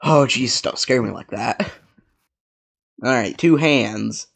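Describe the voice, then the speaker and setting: A man's voice: mid-range voice, slow pace, vocal fry, a bit bright. A man hosting a casual let's play, stammering and repeating words as he comments. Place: home desk with a noisy laptop. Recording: noisy home recording with clicks.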